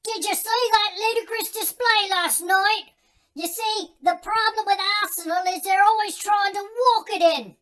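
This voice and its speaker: A man doing a stoned party guest, high-pitched. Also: big pitch swings, moderate pace, sharp tone, exaggerated voice. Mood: silly. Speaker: comedy sketch performer.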